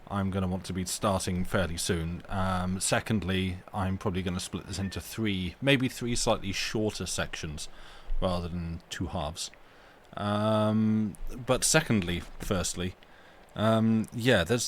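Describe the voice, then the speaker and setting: A fairly low-pitched man chatting casually with his live-stream viewers from home. He rambles and interrupts himself as he goes. A faint hum sits underneath the recording. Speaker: livestream host reading stories aloud.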